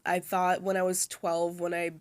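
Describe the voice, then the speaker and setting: A woman's voice: on the low side, completely flat delivery, moderate pace. A young woman in college, chatting casually from her dorm bed and rambling with lots of fillers and restarts. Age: young adult. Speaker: vlogger. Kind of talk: casual chat.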